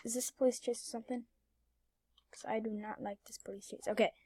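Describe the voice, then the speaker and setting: High-voiced excitable young gamer girl. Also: a little fast, breathy edge, dry recording, clean studio sound. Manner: excitable, repeats phrases, swings between whispers and shouts. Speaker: gaming YouTuber. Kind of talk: casual gameplay commentary.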